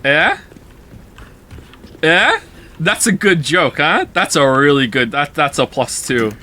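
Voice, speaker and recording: Young man, game streamer, casual rambling chat, swears a lot, bright edgy tone, fairly high voice. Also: very animated, slow pace. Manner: rambling, self-mocking, swears freely, jumps to high indignant outbursts. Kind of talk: casual live-stream chat while gaming.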